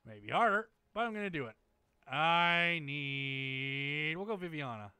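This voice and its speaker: A man's voice: fairly high pitch, expressive, unhurried, pushed and bright, smooth, no room sound. A man commenting on his gameplay, irritated and profane, talking back to the characters. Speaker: gamer streamer.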